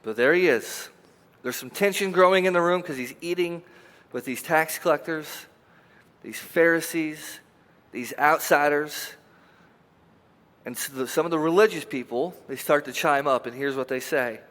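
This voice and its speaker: High-voiced young pastor preaching in a hall. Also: male voice, moderate pace. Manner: animated, conversational preaching with voiced quotes. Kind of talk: sermon. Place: church sanctuary.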